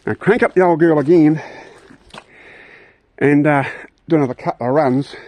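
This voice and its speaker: An older man with a New Zealand accent chatting casually and rambling while working outdoors on his vlog. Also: mid-range voice. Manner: rambling, chatty, playful with pets. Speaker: vlogger.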